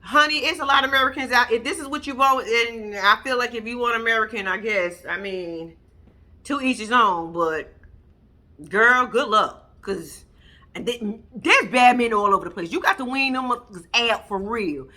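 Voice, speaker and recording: A woman with a bright, forceful voice pitched a touch high runs through a reality TV episode in a casual recap. She is sassy and blunt, talks right to her viewers, and swoops way up when something excites her. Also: normal speed.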